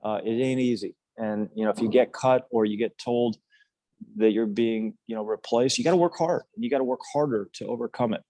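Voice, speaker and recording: Older man telling a story, low and dry. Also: fairly even intonation, normal speed, dark tone, no echo. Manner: rambling, frequent restarts and fillers, earnest. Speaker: podcast guest, former national team player. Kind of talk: casual storytelling interview.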